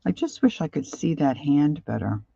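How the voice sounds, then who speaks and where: A middle-aged woman chatting casually and self-deprecatingly while she draws, halting with fillers as she works. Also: low voice, sing-song, creaky, warm tone, breathy edge, dry recording, highs cut off. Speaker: art journaling vlogger. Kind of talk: casual live drawing chat.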